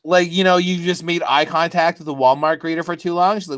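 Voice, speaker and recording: A woman co-hosting a live, casual recap chat about a TV show, sarcastic and quick to giggle. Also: on the low side, fairly even intonation.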